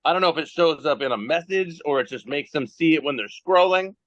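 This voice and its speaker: A guest wrestler with a voice on the high side tells rambling, self-mocking stories, laughing at himself, in a casual podcast chat over a phone video call. He speaks briskly and animatedly, and the dry recording has its highs cut off.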